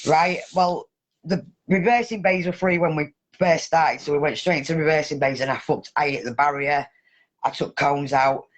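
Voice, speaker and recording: A woman hosting a casual chat, telling a story in an animated way and swearing heavily. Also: low voice, moderate pace. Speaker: podcast host.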